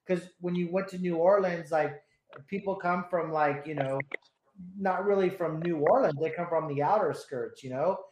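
Laid-back host guy, high voice, swears a lot, echoey room. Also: moderate pace, a little mellow. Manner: laid-back, swears often, rambling stories. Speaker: radio host. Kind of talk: casual interview chat. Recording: roomy echo.

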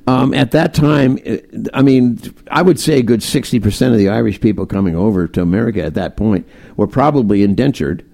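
A man's voice: fairly low pitch, brisk, creaky, dark tone. A man co-hosting a casual chat, rambling and repeating words as he talks.

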